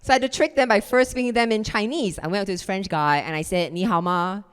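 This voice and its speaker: A woman's voice: mid-range voice, fast, clean tone, long reverb tail. A woman comedian doing a stand-up set on a club stage, acting out voices and chatting with the crowd. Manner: animated, acts out voices, chats with the crowd.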